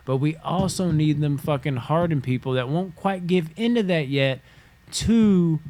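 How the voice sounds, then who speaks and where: A man's voice: a little high, a little slow, mellow. A man hosting a solo podcast from home, rambling casually and swearing freely as he spitballs. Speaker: podcast host. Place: home room.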